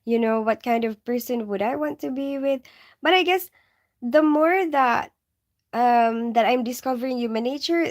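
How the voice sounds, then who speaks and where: A woman with a mixed Filipino and English accent chats casually to her livestream viewers. Her voice sits a little high, and she giggles often and leans on "like" and "you know" as she answers questions. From Philippines. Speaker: nurse and livestream host.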